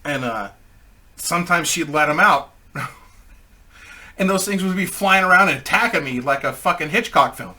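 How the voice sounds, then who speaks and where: A man's voice: on the high side, lively intonation, moderate pace, long pauses, pushed and bright. A man telling a rambling, crude comic anecdote in a casual way, laughing at his own story.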